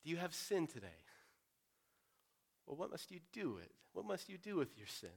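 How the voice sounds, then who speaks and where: A pastor preaching an earnest, direct sermon, moving between loud urging and quiet, pressing appeal. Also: male voice, on the high side, sing-song, moderate pace, creaky.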